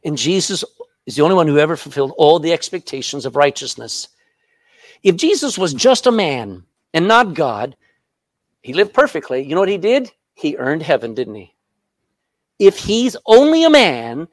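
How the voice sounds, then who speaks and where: A man preaching a sermon as pastor, emphatic and animated, often turning to the congregation with questions. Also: fairly high pitch, normal speed, no room sound.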